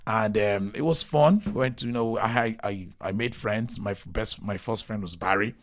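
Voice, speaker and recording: Animated Nigerian-raised man telling stories. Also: on the low side, moderate pace. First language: not English. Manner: animated, laughing, mimics voices in his stories. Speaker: podcast guest. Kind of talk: casual storytelling chat.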